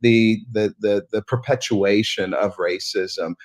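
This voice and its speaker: A man speaking as a presenter in an interview, earnest and measured, sometimes repeating words as he searches for them. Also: on the low side, fairly even intonation. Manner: measured, earnest, halting repetitions. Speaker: presenter in an archived video. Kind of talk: interview talk.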